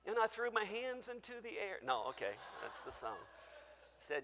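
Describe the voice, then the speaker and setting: Man, pastor, sermon, high bright voice, quiet asides and shouted pleas, long church reverb. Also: expressive, moderate pace. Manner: preaching that swings from low quiet asides to loud shouted acted-out pleas. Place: church sanctuary.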